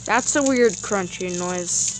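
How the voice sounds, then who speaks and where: An excitable woman chats her way through a game at an unhurried, drawn-out pace. She rambles, trips over her words and repeats herself when things go wrong, then drifts back to easy chatter. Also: medium pitch, soft background music. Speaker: gameplay commentator. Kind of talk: casual gameplay commentary.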